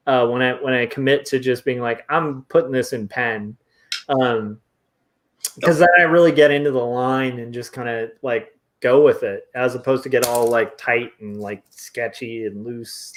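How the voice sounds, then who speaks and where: A young man in casual chat as a podcast guest, rambling and soft-spoken, with lots of "like" and "um". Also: medium pitch. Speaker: podcast guest, comic artist.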